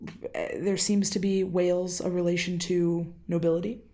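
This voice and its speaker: A woman's voice: fairly low pitch, little pitch movement, normal speed, warm tone. A woman with a Wisconsin accent, co-hosting a casual podcast and explaining a legend she researched, with frequent "uh" fillers. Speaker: podcast co-host presenting research.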